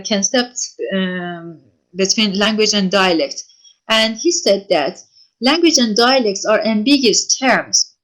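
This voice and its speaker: A woman lecturer giving an online class, answering written questions from students and speaking haltingly with frequent pauses and self-corrections. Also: a little high. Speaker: university lecturer.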